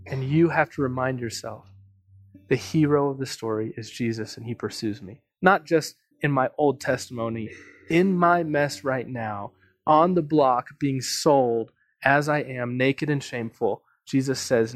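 A man preaching as pastor, telling a story earnestly and swinging from emphatic lines to hushed ones. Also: mid-range voice, measured pace, no echo, studio quality. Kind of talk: sermon. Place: church.

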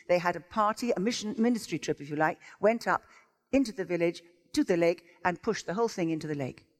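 A woman's voice: fairly low pitch, quick pace. A woman preaching a sermon as a visiting speaker, telling stories with enthusiasm and exclamations. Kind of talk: sermon with storytelling. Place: church sanctuary. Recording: long church-hall reverb.

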